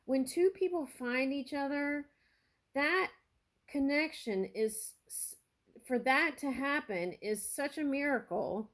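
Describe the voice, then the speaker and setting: A woman giving a spiritual tarot reading, talking slowly and earnestly and thinking aloud as she goes. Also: high-pitched. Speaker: tarot reader.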